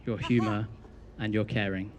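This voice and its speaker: A man's voice: lowish voice, flat delivery, moderate pace, slight background noise. A young man giving a best man's wedding speech, telling a teasing story with dry punchlines.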